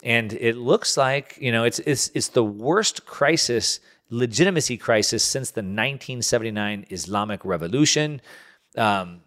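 A man delivering a solo podcast commentary with emphatic conviction. His voice sits at an ordinary middle pitch, and he often restarts and repeats words as he presses his point. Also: expressive, moderate pace, a bit bright. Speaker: podcast host.

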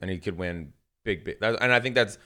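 Fast-talking man, casual golf chat. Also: fairly low pitch. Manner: animated, swearing, jokey storytelling. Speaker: podcast co-host.

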